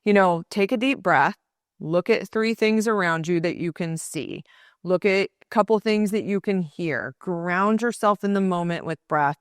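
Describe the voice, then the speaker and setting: A woman, speaking in a slightly low voice. She talks earnestly and conversationally in a solo podcast, with a dry, close recording and no room sound. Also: smooth, no echo. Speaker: podcast host. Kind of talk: solo motivational podcast talk.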